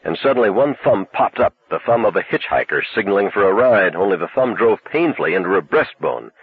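A man narrating a novel as an audiobook in a steady, measured way. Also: fairly low pitch, gravelly, slightly rough, no room sound. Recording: tinny narrow-band recording.

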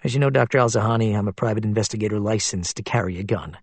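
A man's voice: fairly low pitch, racing, no room sound. A man voicing a blunt, stubborn male private investigator.

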